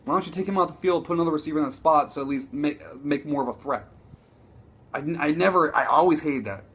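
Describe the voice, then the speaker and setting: A man ranting casually about his football team, profane and excitable, rambling with frequent restarts. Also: on the high side, fast, slightly rough. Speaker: sports vlogger. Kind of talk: casual sports rant.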